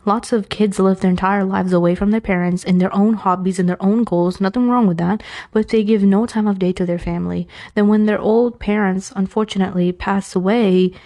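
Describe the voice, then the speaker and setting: This is a woman with a New York accent talking through casual life advice as a podcast host. Her voice is mellow and warm and sits at an everyday pitch for a woman. She talks in a chatty, animated way and drifts into playful, self-mocking asides. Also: a little fast.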